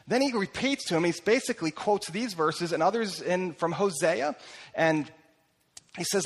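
Animated preacher man in a reverberant hall. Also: high-pitched, fairly quick. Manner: animated, acts out quoted voices, swings between loud and hushed. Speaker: pastor. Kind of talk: sermon.

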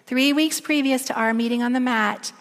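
A woman giving a sermon, telling a story and dropping to a soft near-whisper at emotional moments. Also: sits high, normal speed. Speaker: speaker. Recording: echoey long reverb of a large room.

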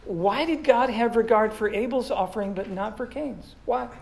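A woman's voice: on the high side, moderate pace, gravelly, darkish tone, a little hiss or hum, poor audio. A woman teaching a Bible study, joking with the group and quizzing listeners by name.

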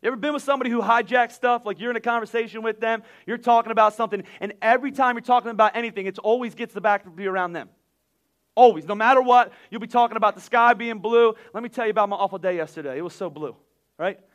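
A man, preaching a sermon with energetic, repetitive emphasis that builds to loud peaks. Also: sits high, quick pace. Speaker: pastor.

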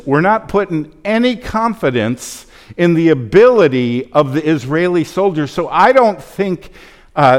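A man preaching a sermon as a pastor, conversational with joking asides. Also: a little high. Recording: long hall reverb.

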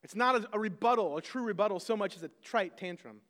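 A man's voice: sits high, fast talker, fairly bright tone, long reverb tail. A man, a pastor, preaching a sermon conversationally, with self-deprecating asides to the congregation.

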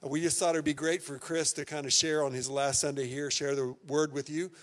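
A man's voice: on the high side, flat delivery, brisk. A man welcoming a church congregation and introducing a guest speaker in a friendly, conversational way. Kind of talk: Sunday service welcome and introduction. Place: church sanctuary.

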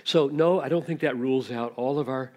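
A man's voice: medium pitch, a little fast. A man preaching an expository sermon, teaching reflectively and posing rhetorical questions to his listeners.

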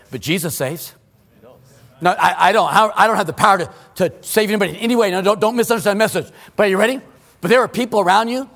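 A male pastor preaching a sermon in a church, emphatic, swinging between loud exclamations and hushed asides. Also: high-pitched, big-room sound. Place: church sanctuary.

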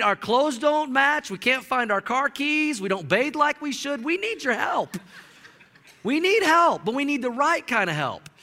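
A middle-aged man preaching a sermon in a church, joking with the congregation and acting out voices. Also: high voice. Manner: animated, jokey preaching with mock voices. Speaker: pastor. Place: church sanctuary. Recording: long hall reverb.

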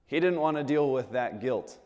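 A man's voice: medium pitch, expressive, normal speed, darkish tone, big-room sound. A man preaching a sermon in a conversational way, asking the congregation rhetorical questions and restarting his phrases. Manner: conversational, asks the audience rhetorical questions, repeats words when restarting.

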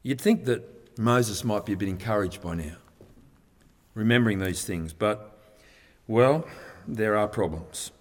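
A man's voice: lowish voice, unhurried, pauses often. A man preaching a sermon from a handout, earnest and emphatic as he teaches scripture. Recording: long reverb of a large hall.

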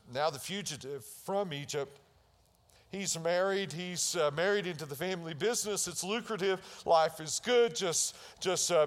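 Man preaching an animated sermon. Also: on the high side, big-room sound. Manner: storytelling preacher acting out biblical scenes with rising intensity. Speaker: pastor.

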